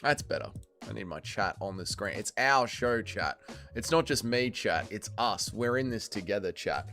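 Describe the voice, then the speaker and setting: A young Australian man hosting a livestream in casual chat, energetic and slangy, greeting viewers and calling everyone mate. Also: lowish voice, normal speed, faint music behind. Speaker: livestream host.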